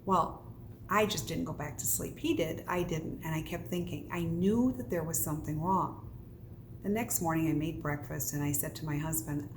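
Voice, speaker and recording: A woman's voice: lowish voice, normal speed, noisy background. A middle-aged woman, a psychic medium, talking casually to the camera in an earnest storytelling manner, asking questions and answering them herself.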